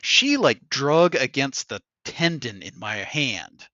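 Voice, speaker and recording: A man hosting a podcast in casual chat, telling an animated story and acting out what other people said, with laughs along the way. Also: medium pitch, slow pace, dry recording, dull audio. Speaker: podcast host.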